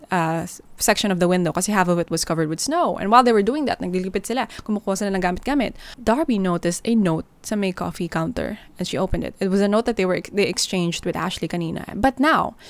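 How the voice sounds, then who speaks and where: A woman with a Filipino accent hosting a true crime podcast, telling the story in a chatty, animated way. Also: medium pitch, clean tone, no echo. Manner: chatty, code-switching, animated. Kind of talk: casual storytelling narration.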